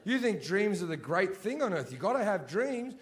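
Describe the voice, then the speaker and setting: A male stand-up comedian performing in a large theatre, swinging between shouted rants and low mutters, with heavy swearing. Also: very animated, moderate pace. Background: audience laughter.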